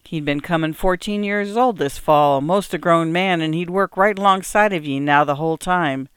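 A woman's voice: fairly low pitch, smooth, no room sound, studio quality, close to an everyday voice. A woman doing a fretful old-time farm wife. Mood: grieving. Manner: old rural dialect speech, brisk and fretful. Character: careworn farm wife, quick-spoken and worrying.

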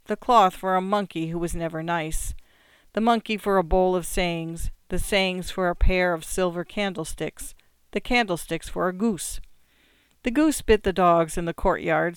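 A reader calmly narrating literary short stories in a measured storytelling manner. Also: mid-range voice, clean tone, no room sound.

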